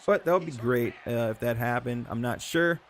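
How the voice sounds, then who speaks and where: A man's voice: medium pitch, moderate pace. A young man hosting his own channel, talking in a loose, rambling way, full of fillers and self-corrections. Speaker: YouTube host. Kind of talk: casual rambling commentary.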